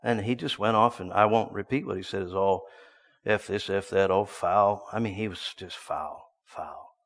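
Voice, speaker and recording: A man preaching a sermon, telling a story and swinging from hushed asides to loud bursts. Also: on the low side, big-room sound.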